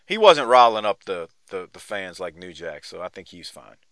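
A man's voice: sits low, sing-song, normal speed, a bit bright, no room sound. A man from New Orleans hosting a casual chat about old wrestling, laughing often and rambling with restarts. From New Orleans, Louisiana. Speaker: podcast host.

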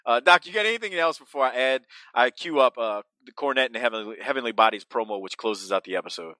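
A man hosting a casual podcast, talking excitably, swearing and laughing often. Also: mid-range voice, fast, no room sound. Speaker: podcast host.

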